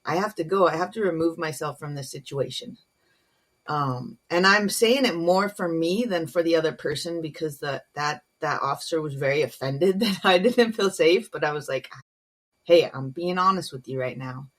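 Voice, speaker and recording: A woman's voice: low-pitched, normal speed. A woman, a naval officer and comedian, speaking frankly and earnestly as a podcast guest, with many um and you know asides. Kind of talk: candid podcast conversation.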